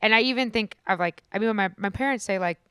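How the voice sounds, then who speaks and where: A soft-spoken woman, a musical comedian, chatting on a podcast at a comedy club with lots of fillers and restarts. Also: mid-range voice, quick pace, smooth, no echo, studio quality. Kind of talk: casual podcast conversation.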